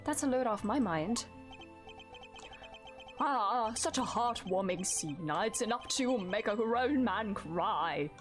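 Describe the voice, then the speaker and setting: A woman reading the lines of a proud, formal male prosecutor in her own lively voice. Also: mid-range voice, takes it slowly, over music.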